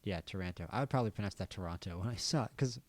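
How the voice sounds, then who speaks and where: Low-voiced American man musing over gameplay. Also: rapid-fire, dry recording. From United States. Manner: thinking aloud, wry asides. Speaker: gaming channel host. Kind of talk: casual gameplay commentary.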